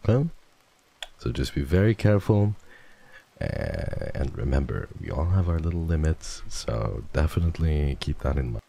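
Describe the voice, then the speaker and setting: A man's voice: very deep voice, sing-song, normal speed, vocal fry, warm tone. A man streaming live and chatting casually with his viewers, playful and teasing, swearing freely and slipping into theatrical voices. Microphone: desk microphone.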